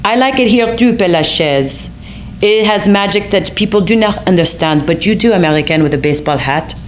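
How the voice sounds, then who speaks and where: A woman's voice: medium pitch, expressive, a little fast, slight background noise, pitched above the performer's own voice, close to an everyday voice. A woman voicing a charming young Frenchman with a French accent. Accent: French, as acted. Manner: smooth, slightly condescending.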